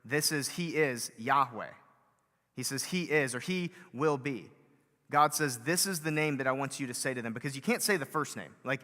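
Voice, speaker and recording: A man's voice: mid-range voice, normal speed, sharp tone. A man preaching a conversational sermon as pastor, with frequent fillers and building emphasis. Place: church hall. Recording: long hall reverb.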